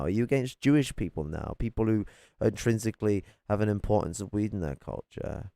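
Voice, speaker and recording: A man ranting angrily and profanely as he reacts to political clips from his flat. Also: fairly low pitch, fairly quick, vocal fry, dry recording. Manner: angry, profane, confrontational.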